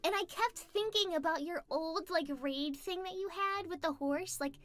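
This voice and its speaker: A woman's voice: very high-pitched, normal speed, fairly bright tone. A woman chatting casually with her livestream viewers, bubbly and giggly, reading out their messages. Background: faint background music.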